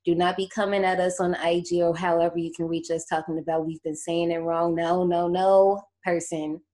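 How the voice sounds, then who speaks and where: A woman hosting a casual movie podcast, telling the story in a lively, slangy way and laughing often. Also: on the low side, moderate pace. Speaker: podcast host recapping a horror movie. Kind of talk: casual chat.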